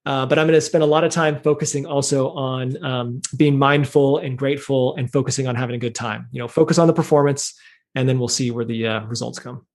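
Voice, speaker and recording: A man in his thirties, a podcast guest, talking in a thoughtful, measured way with plenty of fillers. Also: medium pitch, steady tone, darkish tone. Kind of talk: casual interview talk.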